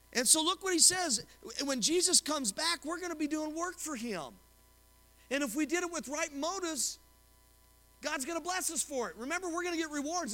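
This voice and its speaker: Male pastor preaching, really high voice, keeps quizzing the crowd, church hall echo. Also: pushed and bright. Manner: asks the congregation questions and retells stories with quoted voices. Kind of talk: sermon. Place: church sanctuary.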